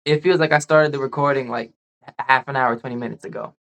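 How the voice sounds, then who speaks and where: A man chats on a casual podcast in a relaxed, easygoing way. He often stumbles and repeats his words before getting a sentence out. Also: medium pitch, quick pace, vocal fry. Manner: laid-back, repetitive restarts. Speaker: podcast co-host.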